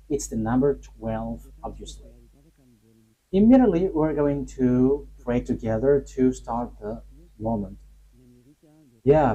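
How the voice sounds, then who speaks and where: A man preaching a sermon, emphatic and halting, rising sharply on key points between pauses and fillers. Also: mid-range voice, dark tone, breathy edge, rough recording.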